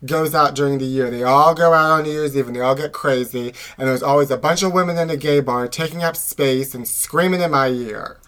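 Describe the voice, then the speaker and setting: A man's voice: medium pitch, fairly quick, few pauses, fairly bright tone. Sassy, campy man in a closet studio. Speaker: podcast co-host. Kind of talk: casual comedic chat.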